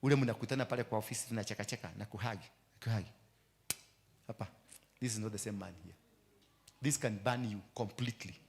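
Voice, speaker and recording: A man with a Kenyan accent preaching a sermon. He mixes Swahili into his English, repeats his phrases, and swings between loud bursts and low, quiet lines. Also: fast talker. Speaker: apostle preaching.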